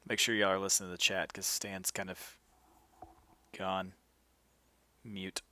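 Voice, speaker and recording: A man's voice: deep voice, level tone, measured pace, sharp tone. A man hosting a tabletop game stream, chatting casually and talking to his viewers. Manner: upbeat, addresses the viewers. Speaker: stream host and player.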